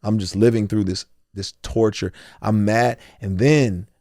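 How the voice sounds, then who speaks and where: A man's voice: on the low side, steady tone, unhurried, darkish tone, no room sound, clean studio sound. A man talking candidly as an interview guest, earnest and emotional, often quoting his own thoughts and restarting his phrases. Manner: loose, repeating words and restarting phrases. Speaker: podcast guest, rapper.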